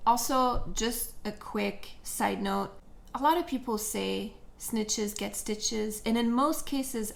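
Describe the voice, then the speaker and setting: A woman chatting casually while doing her makeup, telling a story with jokes and animated retelling. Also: mid-range voice, gravelly. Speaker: beauty vlogger. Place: at home, living room.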